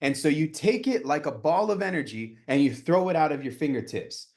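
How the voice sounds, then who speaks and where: Male coach, 30s, slightly high voice; energetic group coaching, talks with his hands. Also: brisk. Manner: energetic, repeats "right?" and "guys", gestures with his hands while talking. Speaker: real estate wholesaling coach. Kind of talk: live group coaching talk.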